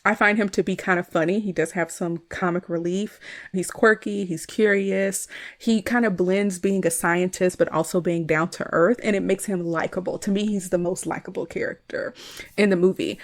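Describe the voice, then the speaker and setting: A woman's voice: fairly low pitch, steady tone, moderate pace. A woman hosting a podcast, chatting casually about a movie, with a lot of "like" and frequent laughs. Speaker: podcast host. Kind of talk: casual movie review chat.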